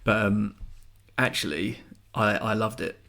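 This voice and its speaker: A man's voice: fairly low pitch, measured pace, creaky, pushed and bright. A young man co-hosting a podcast, rambling and swearing in casual chat. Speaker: podcast co-host.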